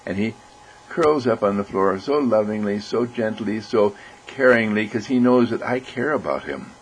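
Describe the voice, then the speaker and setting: A man giving a gentle, reflective talk, telling stories and acting out voices. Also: on the low side, expressive, moderate pace, slight background noise, rough recording. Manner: gentle, storytelling with acted voices. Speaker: speaker.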